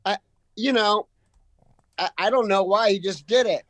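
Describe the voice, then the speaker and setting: Speaking into a studio microphone at a radio studio, this musician guest has a high, slightly bright voice and a moderate pace. He talks with earnest passion during the casual interview, stacking one phrase on another, and the dry recording has poor audio quality.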